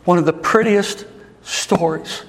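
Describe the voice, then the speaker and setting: A man preaches with impassioned, swelling delivery, his voice pitched high for a man. The sound rings with a long hall reverb. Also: unhurried, a little hiss or hum. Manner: impassioned, rising and falling delivery. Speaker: pastor. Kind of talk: sermon.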